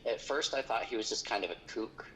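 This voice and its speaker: Low-voiced man telling a ghost story. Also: a little fast, sharp tone, a little hiss or hum, rough recording. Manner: rambling with frequent fillers. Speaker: paranormal investigator guest. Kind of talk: casual storytelling.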